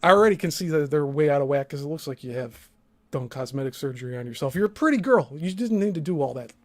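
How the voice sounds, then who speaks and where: A man's voice: fairly high pitch, expressive, fast talker. A man hosting a reaction commentary, talking in a sarcastic, blunt way and swearing freely. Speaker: host.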